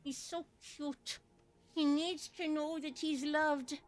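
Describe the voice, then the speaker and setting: A woman streamer chatting casually as she plays, her voice a touch high and her pace unhurried. She turns playful and sing-song when she talks to her dog. Game music plays faintly behind her. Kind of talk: casual gameplay chat.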